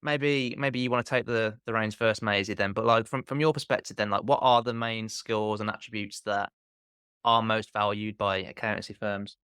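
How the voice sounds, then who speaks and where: Guy hosting a podcast, low-ish voice, smooth and clear, dry close mic. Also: fairly even intonation, moderate pace, fairly bright tone, dry recording. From Black Country, England. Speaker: podcast host. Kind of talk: casual podcast chat.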